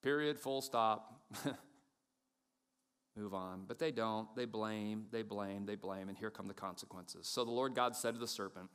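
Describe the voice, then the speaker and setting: A middle-aged man preaching a sermon, animated and self-mocking, acting out the voices he quotes. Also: on the low side, a little slow, clear, resonant tone. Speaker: pastor.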